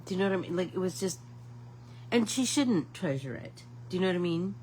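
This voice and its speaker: A woman's voice: lowish voice, lively intonation, brisk, a little mellow, a little hiss or hum, poor audio. A middle-aged woman hosting a casual live painting class, chatting to viewers like friends and rambling through stories. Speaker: art class host.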